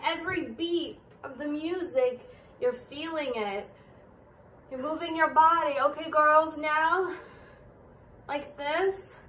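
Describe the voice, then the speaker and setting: Chatty woman vlogger with a high voice, encouraging tone, distant mic in an echoey room. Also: slow, long pauses, pushed and bright. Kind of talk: casual dance tutorial. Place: indoor room.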